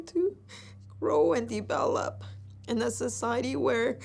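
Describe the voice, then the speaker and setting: Slow gravelly woman, emotional, almost crying, in an interview. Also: a little high, darkish tone, soft background music.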